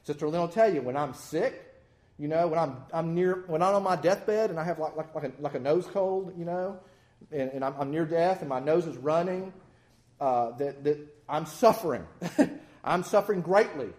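A man preaching a sermon in a folksy, animated way with self-deprecating humor. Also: a little high, normal speed.

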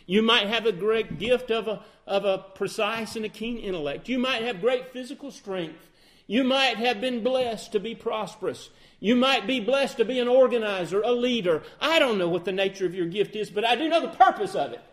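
A man preaching a sermon, asking questions and answering them, swinging between loud emphatic outbursts and quiet, low phrases. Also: moderate pace.

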